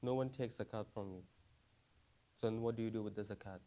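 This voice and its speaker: A man's voice: fairly low pitch, steady tone, a little fast, mellow. Man teaching a class, asks many questions. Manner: repeats phrases, frequent "right?" and "you understand?". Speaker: teacher of a class for new Muslims.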